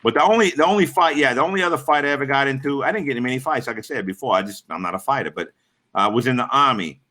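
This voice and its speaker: A man's voice: mid-range voice, very fast, sharp tone. A middle-aged man hosting a livestream, telling rambling, profane stories in casual chat and greeting viewers. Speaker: livestream host.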